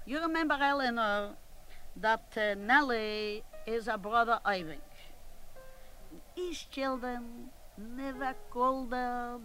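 A woman's voice: a little high, fairly bright tone, poor audio. A woman playing a gossipy, bossy woman, rambling and scolding in a comic monologue. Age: 80s. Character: gossipy bossy elderly woman at a family gathering.

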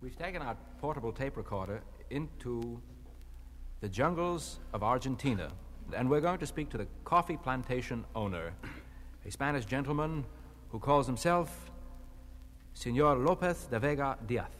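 A man's voice: mid-range voice, expressive, moderate pace, a little hiss or hum. A man acting as a mock interviewer, formal and polite but flustered. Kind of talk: comedy sketch.

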